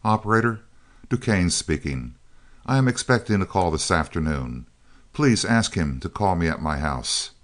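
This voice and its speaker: A man's voice: low-pitched, animated, moderate pace. A man reading the lines of a cold, sneering male scientist with a clipped, sarcastic delivery in an audiobook. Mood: curt.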